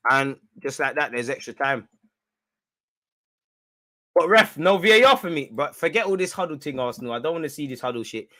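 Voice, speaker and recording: A man's voice: fairly high pitch, lively intonation, fairly quick, pauses often. A man hosting a live football watch-along, chatting in slangy banter, reacting to the play and often breaking into laughter. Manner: reacts loudly to goals and chances.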